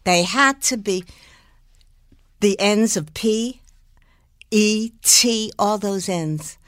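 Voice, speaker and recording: Animated older woman telling showbiz stories. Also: mid-range voice, very slow, no echo, clean studio sound. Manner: animated, laughs often, slips into impressions. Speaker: impressionist and singer, guest. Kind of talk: lively storytelling in a talk interview.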